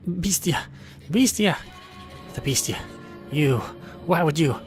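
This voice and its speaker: A frightened village boy, voiced by a man, stammering in breathless cries. He pitches well up from his ordinary voice for the part. Music plays behind him. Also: expressive, slow pace. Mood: horrified. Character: terrified young village boy. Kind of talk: fan voice dub of a visual novel.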